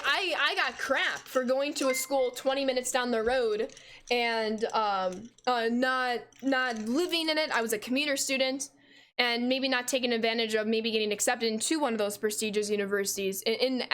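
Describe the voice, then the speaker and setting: Young american girl streaming games, loud outdoor voice, kinda high, chatty and laughing at chat. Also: steady tone, moderate pace. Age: 20s. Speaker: gaming streamer. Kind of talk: casual livestream chat while playing.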